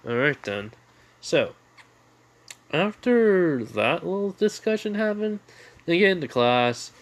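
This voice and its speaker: A man's voice: fairly high pitch, sing-song, slow pace. A young man casually improvising a fan story, rambling and filling gaps with "basically" and "you know". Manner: rambling, full of fillers and restarts.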